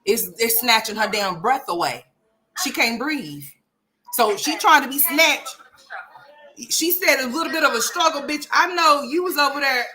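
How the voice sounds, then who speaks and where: A woman's voice: high voice, animated, normal speed, bright, forceful tone. A woman hosting a casual reaction commentary, blunt, profane and teasing, with playful mock outrage. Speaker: commentary channel host.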